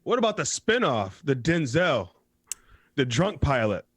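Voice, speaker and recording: A man's voice: medium pitch, a little slow, breathy edge, no echo, clean studio sound. A young man co-hosting a talk radio show, teasing his partner and swearing casually. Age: young adult. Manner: teasing, swearing, animated impressions.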